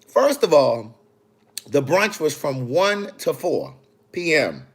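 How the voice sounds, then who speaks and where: A man, an author, chatting on a phone livestream in a sassy, animated way, talking straight to his viewers. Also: on the high side, takes it slowly, breathy edge. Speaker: author hosting a live video. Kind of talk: casual livestream chat. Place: in the city after a book event.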